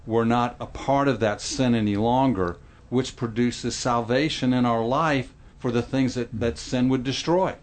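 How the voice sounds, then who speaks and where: A man's voice: medium pitch, fairly even intonation, measured pace, few pauses. A middle-aged man talks things through in a Christian podcast discussion. He speaks earnestly, like a pastor teaching. Now and then he acts out what someone might say. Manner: earnest, explanatory, acts out quoted lines.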